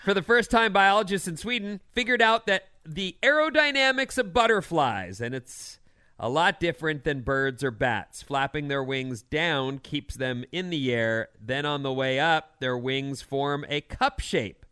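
A man's voice: fairly high pitch, animated, unhurried, bright, forceful tone, clear, resonant tone. A man hosting a radio show, chatting casually and reading quirky news items with an opinionated, teasing manner.

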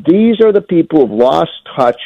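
A man who is a guest economist on a radio show, talking in a lively, rhetorical way as he quotes poll numbers. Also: fairly high pitch, moderate pace, vocal fry, dry recording, muffled recording. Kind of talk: radio interview chat.

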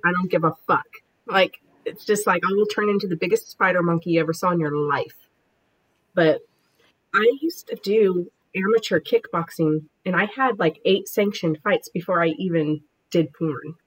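A woman's voice: lowish voice, moderate pace, slight background noise, poor audio. A woman in her forties, a podcast guest, telling combative stories in a brash, profane way. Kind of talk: casual chat.

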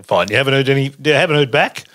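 A man's voice: medium pitch, lively intonation, very fast, a bit bright. A man hosting a casual radio show, laughing often and teasing his co-hosts. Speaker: radio host.

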